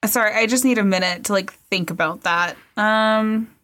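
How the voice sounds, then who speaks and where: Woman, casual podcast co-host, animated, frequent laughs, mid-range voice. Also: medium pitch, normal speed. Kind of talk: casual chat.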